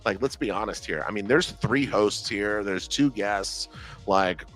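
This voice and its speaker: Low-voiced man telling stories on a stream. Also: unhurried, faint music behind. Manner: animated storytelling, acts out quotes. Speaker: trader and show host. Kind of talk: casual live-stream chat.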